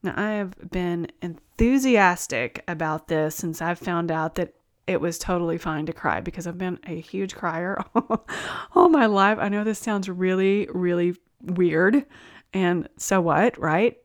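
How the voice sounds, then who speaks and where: A woman's voice: fairly low pitch, unhurried. A woman hosting a wellness video, giving an encouraging talk to the camera in an enthusiastic, reassuring way and laughing between points.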